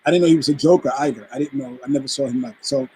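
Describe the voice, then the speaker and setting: A man's voice: mid-range voice, racing, breathy edge, rough recording. A man from the Bronx, a guest musician telling a story in a casual interview and acting out the quoted voices. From the Bronx, New York. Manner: animated anecdote teller who acts out quoted voices.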